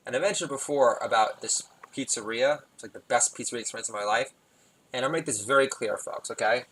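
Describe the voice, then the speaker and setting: A New man talks through a loose stand-up monologue at a middling pitch he never loses. He wanders off on tangents, loses his thread, and chuckles at his own punchlines. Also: fairly quick, fairly bright tone, slightly rough, poor audio. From New York. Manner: rambling, digressive, laughs at own jokes. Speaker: comedy podcast host.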